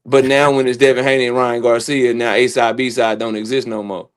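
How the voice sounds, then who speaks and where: A man's voice: medium pitch, little pitch movement, a little fast, clean tone. A man calling into a boxing live stream on his phone, ranting heatedly and stammering over repeated words. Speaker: co-host calling in. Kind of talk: casual live-stream chat.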